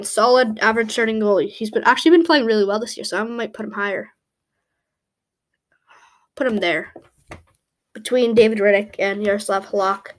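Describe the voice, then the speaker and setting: Casual woman rambling through a ranking. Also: on the high side. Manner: rambling and thinking aloud, with frequent "um" and self-corrections. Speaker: YouTube creator ranking hockey goalies. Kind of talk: casual commentary while building a tier list.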